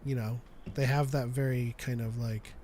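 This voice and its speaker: A man co-hosting a live show in casual chat, jokey and quick to laugh, trailing off and restarting. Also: mid-range voice, little pitch movement, dark tone, slight background noise. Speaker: podcast co-host.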